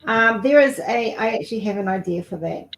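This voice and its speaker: A woman's voice: on the high side, expressive, brisk, vocal fry, a bit bright. A woman hosting an art livestream, chatting casually with viewers as she paints. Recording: roomy with faint background noise.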